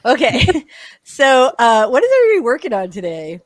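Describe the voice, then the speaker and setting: A woman's voice: fairly high pitch, huge pitch swings, fairly quick, dry recording. A woman co-hosting a casual writing livestream, bubbly and chatty with lots of enthusiasm.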